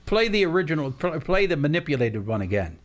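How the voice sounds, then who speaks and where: A man's voice: on the high side, very animated, fast talker. A man hosting a radio interview, asking questions with eager repeated words and restarts. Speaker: radio show host.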